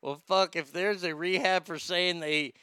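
A man talks through a casual podcast, swearing freely and rambling between listener comments. His voice is bright and crisp, a little high for a man. The sound is dry and close. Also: steady tone, unhurried, dry recording. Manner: profane, rambling, reads listener comments aloud. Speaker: podcast host.

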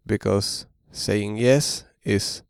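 A man's voice: on the low side, steady tone, creaky, dry recording, studio quality. A man teaching a podcast language lesson, speaking carefully and demonstrating pronunciation. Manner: slow, careful, demonstrates tones.

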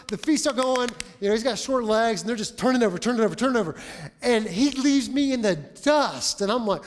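A man in his forties preaching a sermon as pastor, telling a story with lively acted-out dialogue. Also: high voice, fast. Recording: long reverb of a large hall.

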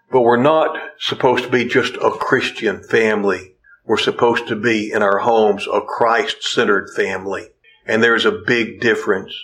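A man's voice: lowish voice, low-quality recording. Earnest preaching man, repeating points. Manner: earnest, repeats key phrases for emphasis; folksy asides with gentle humor. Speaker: pastor. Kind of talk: sermon.

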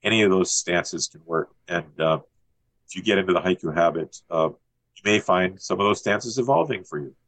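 A man as a guest poet, talking in a relaxed, thoughtful way and reading a poem in a steady, list-like cadence. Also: sits low, normal speed, dry recording. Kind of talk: conversational interview with a poetry reading.

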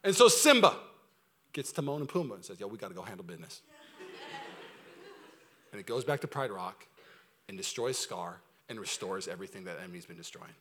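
A man preaching a sermon as pastor, energetic, swinging from loud urgent preaching to quiet, close asides. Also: lowish voice, fairly quick, a little hiss or hum.

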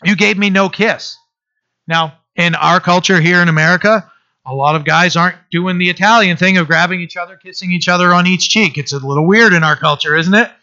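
A man preaching a conversational sermon to his church, reading scripture and explaining it with restarts and animated asides. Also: high voice, fairly quick. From Maine. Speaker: pastor. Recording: dull lo-fi sound.

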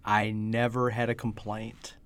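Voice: medium pitch, flat delivery, measured pace, smooth. A podcast co-host from the eastern US, trading jokey, mock-outraged banter in a casual chat.

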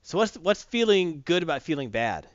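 A man hosting a live stream, jokey and energetic as he hypes his viewers. His pitch swings widely and sits a little high. The sound is dry and a bit dull, like a basic stream microphone. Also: normal speed, no room sound. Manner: animated, jokey, hyping viewers. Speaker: stream host. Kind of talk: casual live-stream chat.

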